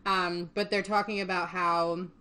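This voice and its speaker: A woman's voice: on the low side, level tone, measured pace, bright, forceful tone, slight background noise. Chatty young woman recapping a film. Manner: chatty, laughs often, swears casually. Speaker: podcast host recapping a film. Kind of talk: casual chat.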